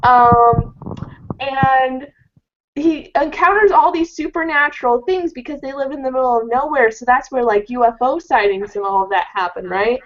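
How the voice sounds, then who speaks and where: A young woman rambling through comedic casual chat, animated and slipping into silly voices. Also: sits high, normal speed. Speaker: podcast regular. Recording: muffled lo-fi recording.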